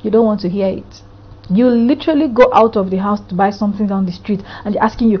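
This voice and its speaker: A woman's voice: a little high, lively intonation, a little fast, dull audio. A woman therapist from Africa speaking earnestly in a podcast monologue, piling up rhetorical questions.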